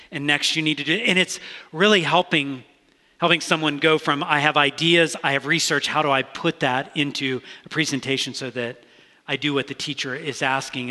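Bright-voiced man preaching in a reverberant hall. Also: on the high side. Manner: conversational, earnest preaching with frequent restarts. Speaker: pastor. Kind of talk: sermon. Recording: long reverb of a large hall.

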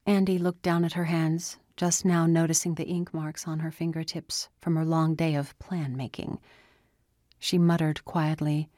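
A woman narrating a story in a steady storytelling manner. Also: deep voice, moderate pace, no room sound, clean studio sound. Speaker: audiobook narrator. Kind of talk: scripted narration.

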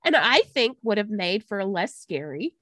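A woman co-hosting a podcast, telling a history story in a casual, animated way, laughing and tripping over names. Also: mid-range voice, normal speed, dry recording. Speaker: podcast co-host.

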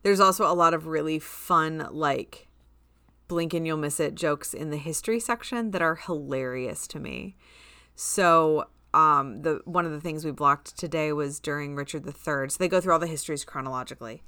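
A woman's voice: sits low, moderate pace, clean tone, no room sound. A woman co-hosting a podcast in casual chat, telling stories and acting out quoted lines. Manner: animated storyteller, acts out quoted lines. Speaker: podcast co-host.

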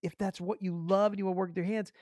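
Animated male podcast host, slightly high. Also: quick pace, dry recording, clean studio sound. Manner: animated storyteller, acts out dialogue, repeats words. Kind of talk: casual storytelling interview.

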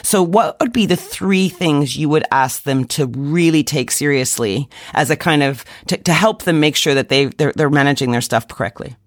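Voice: medium pitch, moderate pace, hardly any pauses, dry recording, clean studio sound. An interview host who asks casual, chatty questions. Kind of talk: remote interview.

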